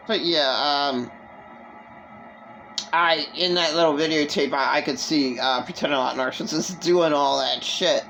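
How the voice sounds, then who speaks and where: A woman vlogging an emotional personal monologue, rambling and halting with many restarts. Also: deep voice, gravelly, a bit bright, low-quality recording.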